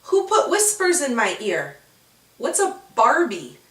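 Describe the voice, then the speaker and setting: A woman voicing a curious, bewildered young girl in a storybook, asking excited high-pitched questions. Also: slow, reverberant, far from the mic, full character voice. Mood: puzzled.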